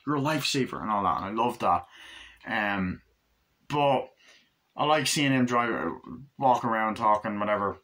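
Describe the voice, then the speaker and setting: A man giving a casual, rambling movie review, acting out scenes in quick bursts. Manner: rambling, acts out scenes in high excited voices.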